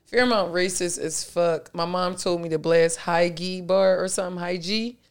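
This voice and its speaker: A woman's voice: on the low side, fairly even intonation, moderate pace, smooth. A woman in her thirties hosting a podcast, telling brash stories with a laugh in casual chat. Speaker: podcast host.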